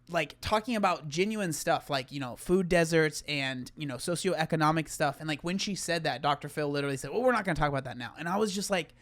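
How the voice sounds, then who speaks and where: Young guy rambling thru a reaction video, lots of "like", kinda high voice, dry close mic. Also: a bit bright, no echo. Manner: rambling, heavy with "like" fillers and restarts. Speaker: YouTuber reacting to his TV appearance. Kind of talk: casual reaction commentary.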